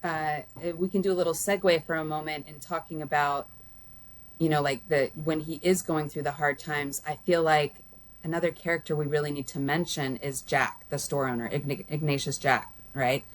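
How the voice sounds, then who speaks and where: Woman discussing a movie in a relaxed home chat, low-pitched, meandering delivery. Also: moderate pace. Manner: rambling, many restarts and fillers, warm laughs. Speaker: guest, host's mother. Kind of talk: casual film review chat.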